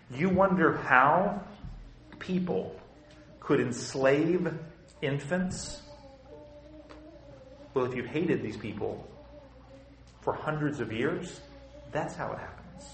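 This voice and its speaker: A man's voice: a little high, expressive, takes it slowly, gravelly, long pauses, a bit bright, echoey room, poor audio. A man preaching a sermon with impassioned, emphatic, repetitive phrasing.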